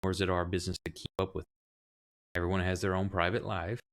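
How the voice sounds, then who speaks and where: A man's voice: low-pitched, level tone, quick pace, natural voice. A man voicing an aloof, dismissive male librarian who talks down to visitors in a tabletop role-play. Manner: curt and condescending.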